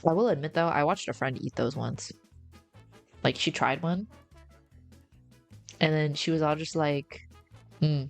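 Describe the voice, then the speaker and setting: A woman's voice: deep voice, measured pace, gravelly, pauses often, faint music behind. A woman streamer in casual, slangy livestream chat, rambling and answering her chat. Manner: rambling, slangy, says bro a lot.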